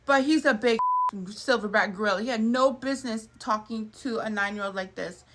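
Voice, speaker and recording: A mother speaking in a halting, indignant way about her son. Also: a little high, noisy background. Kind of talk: angry social media video.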